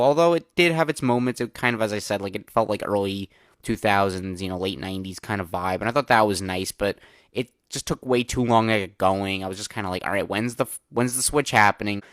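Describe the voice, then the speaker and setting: A man's voice: on the low side, fairly bright tone, dry recording, studio quality. A young man hosting a solo movie review podcast, chatting casually with lots of filler words and candid opinions.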